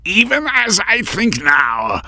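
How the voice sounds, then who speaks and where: A man voicing a menacing masked assassin in an audiobook, with a growling, raspy, half-whispered delivery. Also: sits high, wildly swooping pitch, slow pace, bright, forceful tone, voice pushed up, heavily acted. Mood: taunting. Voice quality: growling rasp. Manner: taunting, hissed and half whispered.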